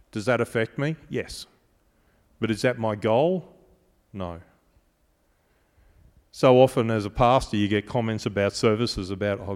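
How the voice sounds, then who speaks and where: A man's voice: lowish voice, a little mellow. A male pastor preaching a sermon with an emphatic, repetitive cadence. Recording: long hall reverb.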